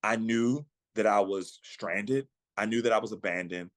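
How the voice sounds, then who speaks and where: A man's voice: on the low side, no echo. Earnest man telling a personal story. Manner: earnest, reflective, slows down at emotional points. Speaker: guest, actor and singer. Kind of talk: personal storytelling in a podcast interview.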